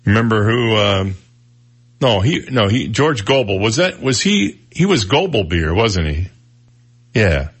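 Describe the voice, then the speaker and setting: A middle-aged man hosts a talk radio show with a slightly low voice. He talks in a gruff, opinionated way that stays loose and conversational. He is close on a studio microphone. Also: big pitch swings, measured pace.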